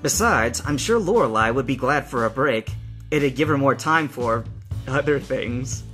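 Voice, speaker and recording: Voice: mid-range voice, expressive, normal speed, fairly bright tone, soft background music, close to an everyday voice. A reader doing an easygoing young man explaining. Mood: knowing.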